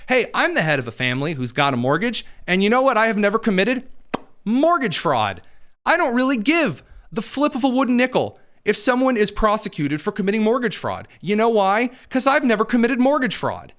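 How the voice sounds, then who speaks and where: A man's voice: high voice, very animated, brisk, fairly bright tone. A man hosting a political commentary show, talking in a sarcastic, mocking way with exaggerated emphasis.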